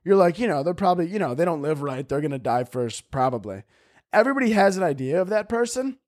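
A young male podcast host rambles through a comedic solo monologue, swearing freely and acting out his stories. His voice sits a bit high for a man, recorded close and dry on a studio mic. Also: sing-song, fast, darkish tone, no room sound. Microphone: studio mic on a boom arm.

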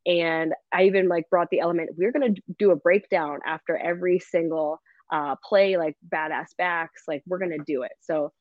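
A woman football coach, a guest chatting in an animated, laughing way and filling her talk with "like". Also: on the low side, no echo. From Canada. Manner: animated and laughing, fills speech with "like". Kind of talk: casual interview chat. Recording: dull lo-fi dry sound.

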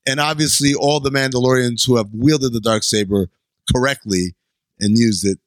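A man's voice: medium pitch, normal speed, no echo. A man co-hosting a podcast, chatting casually and animatedly about an episode. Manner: animated, reenacts lines in funny voices. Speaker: podcast co-host. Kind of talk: casual chat recapping an episode.

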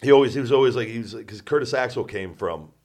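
A man with a medium-pitched, slightly dark voice talks quickly while hosting a podcast. His chat is casual, sarcastic and self-deprecating, and he rambles, often restarting his sentences.

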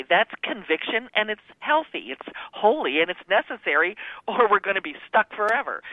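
A woman's voice: fairly low pitch, dry recording. Woman on a tinny phone line. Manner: earnest, teaching, animated in quotes. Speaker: guest author. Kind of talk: faith-based radio interview. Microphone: phone call.

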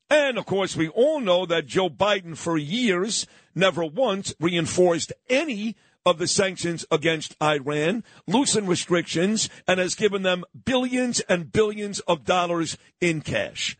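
A middle-aged man hosting a morning radio show, telling stories in a brash, animated way and acting out what others said. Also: sits high, a little slow, few pauses, no room sound. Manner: brash, storytelling, acts out quotes. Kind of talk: animated talk radio monologue. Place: radio studio.

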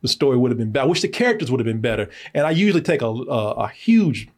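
Husky-voiced man reviewing a film. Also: mid-range voice, sing-song, very fast. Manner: laughs often, loose and joking, many restarts. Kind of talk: casual podcast movie review.

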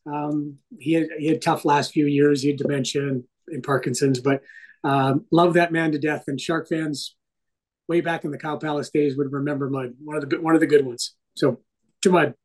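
A middle-aged man, a hockey broadcaster and interview guest, telling stories in a casual, animated way and swearing freely. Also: on the high side, moderate pace, rough recording.

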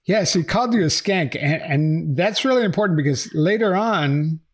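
A man's voice: fairly high pitch, animated, moderate pace. Chatty true-crime podcast host, man. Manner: conversational, reads text messages aloud.

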